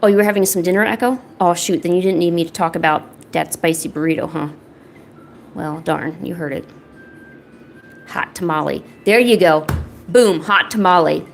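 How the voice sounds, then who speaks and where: A woman's voice: fairly low pitch, moderate pace, vocal fry, soft background music. A young woman streaming as she paints, chatting casually and rambling to her viewers. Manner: rambling, chatty, talks to chat and a pet. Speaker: art streamer. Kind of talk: casual livestream chat while painting.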